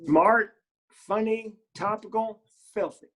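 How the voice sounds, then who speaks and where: A man chats as a podcast guest, spinning stories with a comedian's timing. His voice sits a little high, and he lifts it further whenever he acts out other people's lines. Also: takes it slowly. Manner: animated storyteller who acts out quotes in higher voices. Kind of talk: casual interview storytelling.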